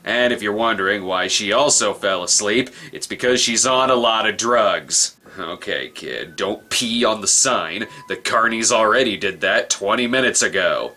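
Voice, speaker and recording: A man's voice: on the low side, normal speed, pushed and bright. A man reviewing a bad film in a comedic voice-over, sarcastic and profane.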